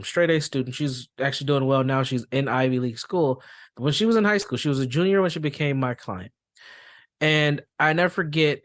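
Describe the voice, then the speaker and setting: A man hosting a podcast and working as a school therapist, talking conversationally, telling stories and acting out quoted reactions. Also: medium pitch. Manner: conversational, repeats phrases, acts out quoted reactions. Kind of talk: explanatory podcast talk with anecdotes.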